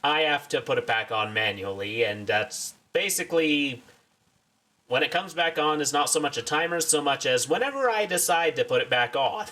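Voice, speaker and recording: A man's voice: on the high side, expressive, normal speed, sharp tone, distant mic. A man giving casual, wry commentary while streaming a game, full of self-mocking asides.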